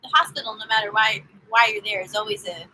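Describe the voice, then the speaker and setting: A woman's voice: medium pitch, fast, sharp tone, low-quality recording. A woman giving a live-streamed tarot reading, chatting in an upbeat, casual way straight to her viewers. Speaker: tarot reader.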